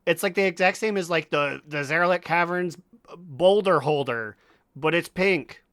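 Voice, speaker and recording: A man with a fairly high, smooth, clear voice co-hosts a casual gaming podcast. He riffs wryly and breaks into laughs often. The sound is dry and close, with no room around it. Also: moderate pace, a bit bright, dry recording. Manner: wry, riffing, laughs often. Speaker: podcast co-host.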